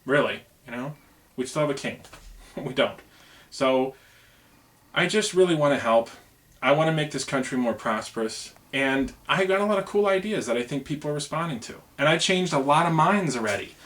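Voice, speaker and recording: A man's voice: on the high side, animated, moderate pace, a bit bright. A man who drives trucks, talking straight to camera about running for president, earnest and rambling with lots of "you know". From United States. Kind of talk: casual campaign video to camera.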